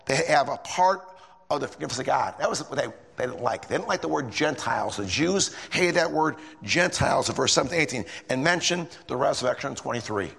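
A middle-aged man leading a folksy, rambling bible study sermon, emphatic and full of restarts, with a gravelly, husky voice. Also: on the high side, a bit bright. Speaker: lay preacher. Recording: echoey hall with long reverb.

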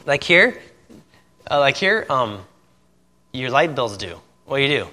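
A man's voice: medium pitch, sing-song, a little slow, bright, forceful tone. A man, a missionary, talking casually to a group and laughing often between his sentences.

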